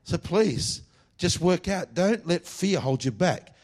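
A man preaching a revival sermon, swinging between loud fervent bursts and low confiding asides. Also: animated, slow. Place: church meeting.

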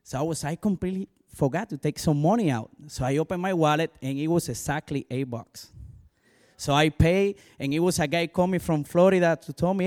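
A male pastor with a strong Spanish accent and Spanish as his first language, giving an animated personal testimony full of "you know" asides. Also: on the high side, brisk.

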